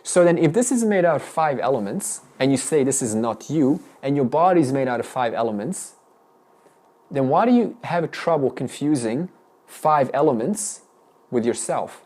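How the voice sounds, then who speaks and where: A man's voice: medium pitch, expressive, normal speed, darkish tone. A man teaching a spiritual class, firing questions at students with frequent restarts. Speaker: Vedanta teacher. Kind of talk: interactive spiritual lesson.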